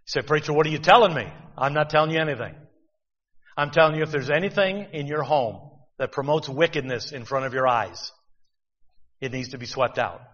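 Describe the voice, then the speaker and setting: A man's voice: mid-range voice, fairly quick, pauses often, fairly bright tone, lo-fi sound. Man preaching in a reverberant hall. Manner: conversational preaching, rhetorical questions. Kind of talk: sermon.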